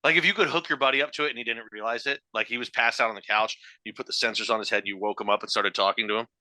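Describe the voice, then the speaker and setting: A man's voice: medium pitch, steady tone, very fast, bright, forceful tone, dry recording. A man co-hosting a podcast in casual chat, cracking crude jokes. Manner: joking, crude humor, laughs. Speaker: podcast co-host.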